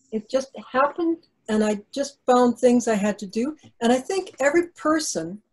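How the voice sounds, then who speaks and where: A woman's voice: on the high side, darkish tone, poor audio. An older woman author answering interview questions over a video call, talking in an earnest, reflective way with frequent restarts.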